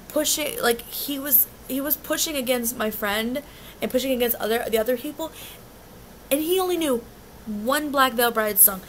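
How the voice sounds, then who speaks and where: Agitated young woman venting, rambling fast. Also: a little high, a little hiss or hum. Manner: agitated, rambling, frequent restarts and swearing. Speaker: concert fan recounting an experience. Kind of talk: casual vlog storytelling.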